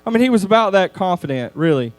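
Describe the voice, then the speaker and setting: High-voiced man preaching to youth. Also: quick pace, dry recording. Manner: conversational, animated storytelling with laughs. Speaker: youth speaker. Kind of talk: youth sermon lesson.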